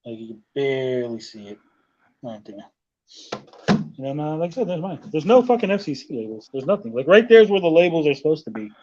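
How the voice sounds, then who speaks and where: A man's voice: on the high side, a little fast, dull audio, noisy background. A man talking over a video call from a hotel room, telling a story in casual chat with lots of swearing and acting out other people's lines. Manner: animated, profane, acts out others' lines. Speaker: podcast host.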